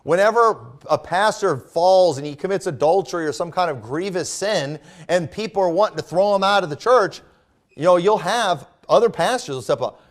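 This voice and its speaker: A man's voice: fairly high pitch, expressive, moderate pace. A male pastor preaching a sermon in a loose, conversational way, repeating phrases and adding asides. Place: church.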